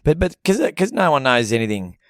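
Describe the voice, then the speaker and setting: A man's voice: medium pitch, very animated, fairly quick, dry recording, clean studio sound. An Australian man co-hosting a podcast, riffing crude jokes in casual banter and swearing freely. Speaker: podcast co-host.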